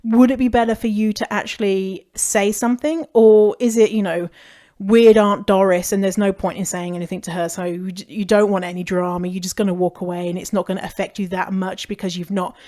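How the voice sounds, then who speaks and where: A woman's voice: medium pitch, mellow. Frank, chatty British woman. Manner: chatty and frank, swears freely, laughs easily. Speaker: podcast host. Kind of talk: casual advice monologue.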